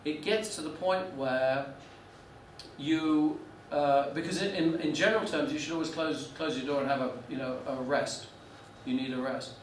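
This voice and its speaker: Speaking at normal speed in a slightly high voice, a man in his 40s tells his class a business story, stumbling through many restarts and fillers. A distant mic captures the echoey lecture room along with a little hiss or hum.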